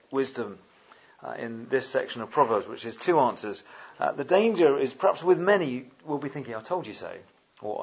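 A man's voice: mid-range voice, breathy edge, dull audio. A man preaching a sermon in an earnest, conversational way, with frequent fillers.

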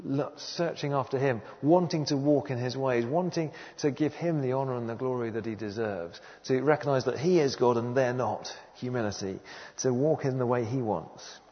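A man's voice: mid-range voice, normal speed. A man preaching a sermon in an earnest, emphatic way, repeating key phrases for weight. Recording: dull sound with long hall reverb.

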